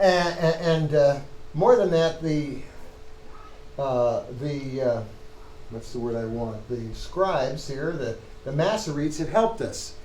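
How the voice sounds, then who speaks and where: A man with a somewhat high voice lectures a Hebrew reading class, stopping to restart his sentences as he works through the text. The room is echoey. A faint hum of ambience sits underneath. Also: darkish tone. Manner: thinking aloud, halting restarts, parsing text on a board.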